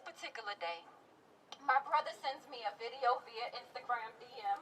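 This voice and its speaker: A woman's voice: on the high side, normal speed, fairly bright tone, slightly rough. A woman in her thirties, a parent, speaking and performing spoken-word poetry at an outdoor rally, her emotion building until she nearly cries. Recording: distant outdoor mic with noise.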